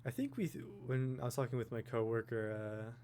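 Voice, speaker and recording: A man rambling through a casual monologue, thinking aloud and musing to himself with soft chuckles. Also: medium pitch, expressive, brisk, slight background noise. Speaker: vlogger.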